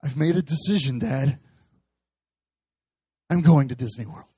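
Preacher doing a bashful teenage boy, lower and softer than his own voice, halting and earnest, dry sound. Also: husky, dry recording. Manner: halting, mumbling restarts. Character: hesitant teenage son, earnest and overwhelmed.

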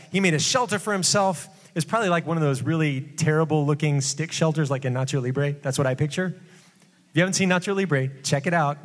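A man with a fairly high voice preaches in a relaxed, conversational way, dropping jokes and quick asides. His words ring out with a long hall reverb behind them. The tone stays casual rather than formal. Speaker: pastor. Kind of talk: casual sermon.

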